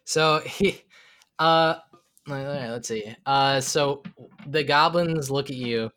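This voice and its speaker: A game master runs a tabletop session, stopping and restarting often with an amused air. The voice is bright and mid-pitched. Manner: halting, amused, lots of fillers.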